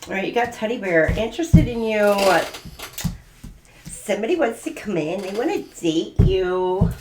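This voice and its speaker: A woman reads tarot cards in a loose, chatty way, giggling and gushing between thoughts. Her voice sits at a middling pitch. The room around her rings with noticeable echo. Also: animated, normal speed, noisy background. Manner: giggly and gushing, many fillers. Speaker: tarot reader. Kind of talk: casual spoken tarot reading.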